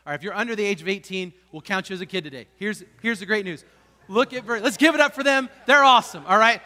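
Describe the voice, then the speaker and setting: A man's voice: high-pitched, fast talker, bright, forceful tone, big-room sound. A man, a pastor, preaching a sermon with passion and emphatic peaks, in a church sanctuary.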